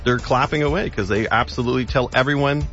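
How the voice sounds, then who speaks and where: A man reviewing films in relaxed, halting radio chat. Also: medium pitch, soft background music. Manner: relaxed, halting, chatty, with fillers. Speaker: film reviewer on a radio show. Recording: dull, dry studio radio sound.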